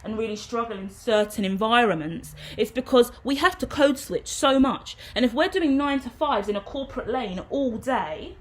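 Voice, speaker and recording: A woman's voice: a little high, expressive, moderate pace, few pauses. A woman, a tarot reader, talking frankly and loosely in a casual vlog monologue. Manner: frank, rambling, conversational.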